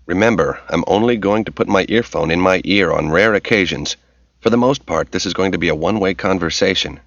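A man's voice: low-pitched, a bit bright, dry recording. A man doing a brazen young man in disguise. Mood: casual. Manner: casual, drawn-out vowels. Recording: dull lo-fi recording.

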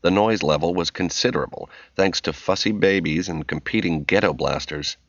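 A man reading a novel aloud as narrator, in measured, expressive storytelling. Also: sits low, dry recording. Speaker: audiobook narrator. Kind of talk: scripted narration. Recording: dull, muffled audio.

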